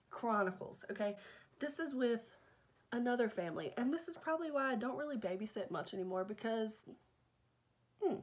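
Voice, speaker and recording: A young woman telling a dramatic, animated storytime in a vlog, often checking in with "okay?". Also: mid-range voice. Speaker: vlogger.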